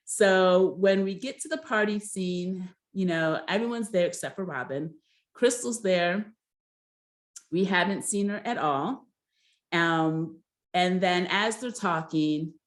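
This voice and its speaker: Gossipy and blunt, a woman with a fairly low pitch rambles through a recap of a reality show episode in a casual way, her talk full of fillers.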